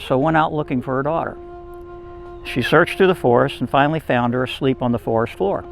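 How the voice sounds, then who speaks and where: A man's voice: medium pitch, gravelly. A man telling a folk tale aloud in a casual, folksy manner, with small restarts along the way. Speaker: storyteller.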